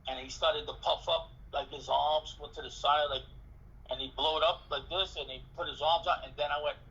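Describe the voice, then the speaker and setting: A man with a husky, rather high voice tells a story in an interview, acting out the lines of the people in it and swearing freely. His tone is bright and edgy, and the recording sounds dull and lo-fi. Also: moderate pace. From New York City. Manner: animated, acts out dialogue, swears freely. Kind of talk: casual storytelling.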